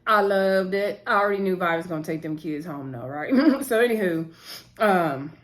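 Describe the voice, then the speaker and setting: A woman's voice: lowish voice, animated, normal speed. A woman vlogger recapping a TV episode in a casual, rambling way, chatting straight to her viewers with lots of asides. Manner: rambling, talks to viewers directly, frequent "so anywho" asides.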